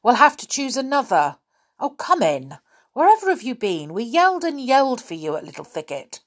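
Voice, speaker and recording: A woman's voice: a little high, sing-song, moderate pace, pitched above the performer's own voice. Woman voicing a bossy boy club leader, put out, matter-of-fact, storybook reading. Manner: disgusted, then matter-of-fact.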